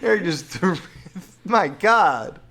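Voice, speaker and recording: A man's voice: sits high, sing-song, takes it slowly, pushed and bright. A young man co-hosting a casual podcast chat, joking, swearing and laughing often as he riffs on silly bits. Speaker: podcast co-host.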